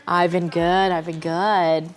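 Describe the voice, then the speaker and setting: A woman's voice: fairly low pitch, little pitch movement, slow. A woman hosting a TV talk show, chatty and playful as she interviews a guest. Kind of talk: broadcast interview.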